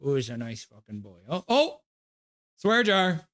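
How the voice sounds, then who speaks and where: A man with a somewhat high voice hosts a casual live stream. He reads out viewer comments and calls the plays loosely as they happen. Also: big pitch swings, unhurried, a bit bright. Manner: gives loose play-by-play; coos at his dog. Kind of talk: casual live game reaction and chat reading.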